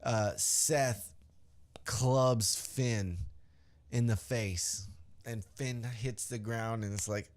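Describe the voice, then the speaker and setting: A man's voice: lowish voice, steady tone, takes it slowly, darkish tone. A man hosting a podcast who recaps a wrestling show in a loose, rambling way, with fillers and some swearing. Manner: acts out quotes in a loose, offhand way. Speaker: podcast host.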